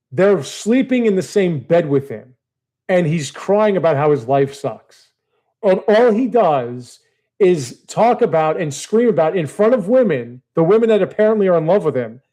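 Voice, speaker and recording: A man ranting casually to his audience, profane and exasperated, swinging between low mutters and heated outbursts. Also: darkish tone. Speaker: video creator. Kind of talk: casual rant to camera.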